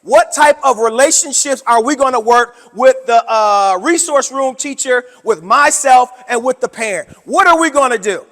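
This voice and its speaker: Animated high-voiced man in a reverberant hall. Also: normal speed, hardly any pauses. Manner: animated, preacher-like delivery with sudden loud and soft turns. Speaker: presenter at a teacher workshop. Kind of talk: conference talk to educators. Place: conference room.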